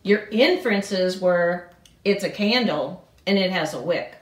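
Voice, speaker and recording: A woman teacher explaining a science idea to children in a clear way. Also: on the low side, unhurried. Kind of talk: short classroom explanation. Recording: roomy room sound.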